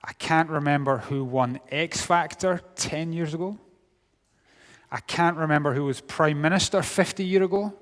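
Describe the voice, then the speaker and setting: A man's voice: on the high side, normal speed. Scottish man preaching in a reverberant hall. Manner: humorous, wry storytelling with sudden drops to quiet. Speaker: youth speaker. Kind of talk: sermon. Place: large hall.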